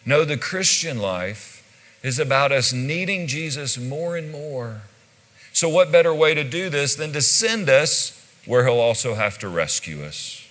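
A man delivers a sermon, his voice bright and swinging widely in pitch. He takes his time, acting out each quoted line with vivid storytelling. His words ring out through a large hall with a long echo. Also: very animated, measured pace. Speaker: pastor.

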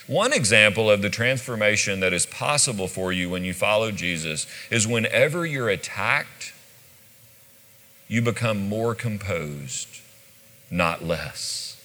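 Animated male preacher in a reverberant hall. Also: fairly low pitch. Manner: animated storytelling, acting out quoted lines. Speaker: pastor. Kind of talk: sermon.

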